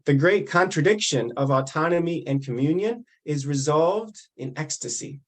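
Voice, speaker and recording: A man with a Midwestern accent reading a prepared text aloud in a measured, deliberate way. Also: a little high, animated. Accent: Midwestern American. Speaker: reader of the weekly text.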